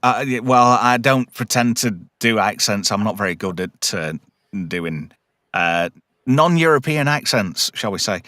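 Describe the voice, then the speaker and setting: A man's voice: lowish voice, lively intonation, a little slow, bright, forceful tone, no room sound, studio quality. A man hosting a casual film review chat, animatedly retelling scenes and humming theme tunes. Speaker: podcast host.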